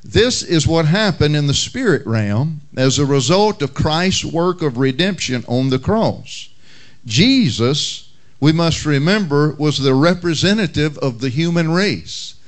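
A male pastor praying and preaching a sermon in a measured, unhurried way, with occasional fillers. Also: fairly high pitch, expressive. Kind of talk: sermon with prayer and humorous story.

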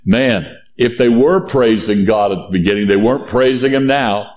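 A man preaching a sermon and reading scripture aloud. He is emphatic, repeats key phrases, and drops low and slow for weight. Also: a little mellow, reverberant.

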